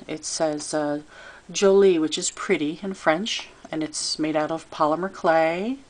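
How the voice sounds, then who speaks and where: A woman giving a chatty, relaxed show-and-tell of a handmade craft piece, filming it herself. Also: low-pitched. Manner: chatty and relaxed, with fillers and little asides. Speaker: crafter showing her handmade album. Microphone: camera she handles while filming.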